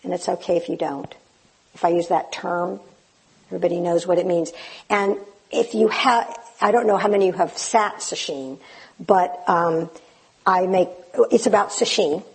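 A woman giving informal, hesitant remarks to a live Zen group, gently poking fun at herself. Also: on the low side, moderate pace, creaky, breathy edge, rough recording. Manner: self-deprecating, gently humorous; hesitant, with restarts. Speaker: speaker at a Zen community gathering.

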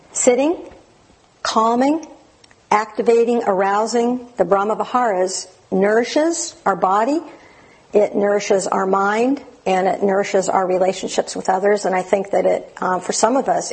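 A woman teaching meditation in a dharma talk, gentle and unhurried with many fillers and restarts. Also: mid-range voice, low-quality recording. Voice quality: gravelly, very husky.

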